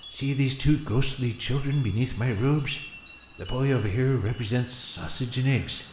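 A man's voice: mid-range voice, moderate pace, a little mellow, natural voice. A man playing a forgetful, rambling old ex-president ghost in a comic radio play. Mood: muddled. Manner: forgetful, rambling, loses his place. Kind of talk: comedy radio-play acting. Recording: echoey room, faint noise.

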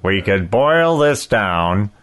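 A man's voice: fairly low pitch, very animated, slow, fairly bright tone. A man hosting a podcast, chatting casually in a joking, sarcastic way and laughing often. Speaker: podcast host and songwriter. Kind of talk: casual chat.

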